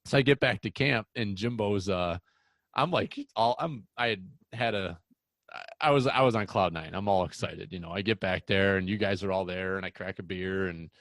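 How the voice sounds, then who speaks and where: Young male podcast host, low pitch, dry close sound, rambling and excitable storyteller. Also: normal speed, no room sound. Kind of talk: casual hunting podcast chat.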